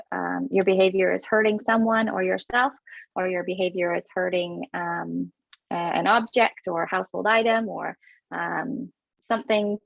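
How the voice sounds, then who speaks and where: Fast-talking woman hosting a parenting webinar. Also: fairly low pitch, creaky, no echo. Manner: quick, with many fillers and restarts. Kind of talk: webinar talk. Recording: dull, dry webinar audio.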